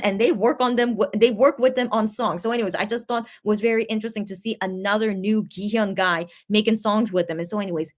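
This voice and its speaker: A woman in her thirties hosting a K-pop reaction video, explaining things to viewers in a chatty, rambling way with many restarts. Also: mid-range voice. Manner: explains Korean phrases to viewers. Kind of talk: casual reaction commentary.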